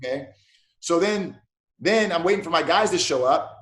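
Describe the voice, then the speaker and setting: A man, a police officer and martial arts black belt, telling animated stories in a casual interview and acting out the dialogue. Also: fairly high pitch, moderate pace, reverberant.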